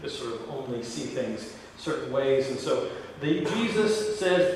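Male pastor, relaxed conversational sermon; long hall reverb, faint noise underneath. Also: mid-range voice, a little slow. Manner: conversational preaching with asides and quoted dialogue. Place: large church sanctuary. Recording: echoey church hall from far off.

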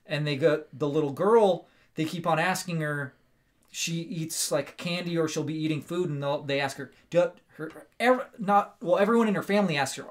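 A man hosting a casual movie review, telling the story in an animated, rambling way with lots of fillers and tag questions. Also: on the high side, normal speed. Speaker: movie review show host.

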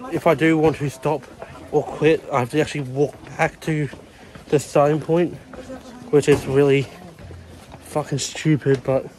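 A man's voice: fairly high pitch, darkish tone. A man in his twenties filming a casual vlog outdoors on a handheld phone, out of breath and sweating as he climbs, rambling and swearing often. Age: 20s. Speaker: vlogger. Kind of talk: casual vlog chat to camera. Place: outdoors, climbing long shrine stairways.

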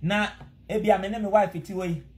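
A man's voice: high-pitched, steady tone, fairly quick, darkish tone. A man with a Ghanaian accent preaching a sermon, earnest and exhorting, pleading with his listeners. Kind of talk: sermon mixing Twi and English.

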